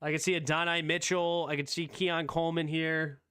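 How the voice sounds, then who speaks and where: A fairly high-voiced man hosts a loose, live sports talk stream. He reacts fast and excitedly, throwing out strong opinions as things happen. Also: clean tone. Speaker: streamer host.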